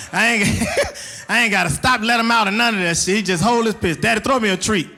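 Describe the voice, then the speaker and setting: A male stand-up comedian with a high voice, talking in an animated way. His tone is bright and forceful. He hits his punchlines loudly and often laughs along with them. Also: normal speed. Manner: animated, loud punchlines, laughs at own jokes. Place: comedy stage.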